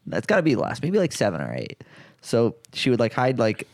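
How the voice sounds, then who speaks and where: Gravelly man, rambling casual storytelling. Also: mid-range voice, huge pitch swings, a little fast, no room sound. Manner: rambling storyteller, many fillers, laughs often. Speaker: podcast co-host. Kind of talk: casual chat.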